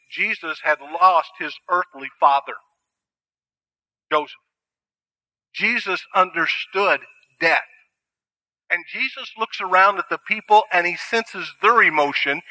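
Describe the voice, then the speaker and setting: A man's voice: fairly high pitch, bright, forceful tone, low-quality recording. A middle-aged man preaching a sermon, earnest and conversational with dry asides. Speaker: pastor.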